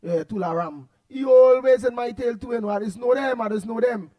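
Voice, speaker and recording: Trini guy on the radio, real high voice, chatty, repeats himself a lot. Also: fairly quick, dull audio. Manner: animated, repetitive, laughs often, loud outbursts. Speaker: radio talk show host. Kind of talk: casual radio chat reading listener comments.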